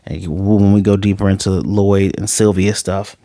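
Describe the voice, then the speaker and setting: A man casually reviewing an anime episode, joking asides and quickly paraphrasing the characters' lines. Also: deep voice, steady tone, warm tone, no room sound, clean studio sound. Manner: chatty, joking asides, paraphrases scenes in quick quoted voices. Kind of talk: casual spoken episode recap.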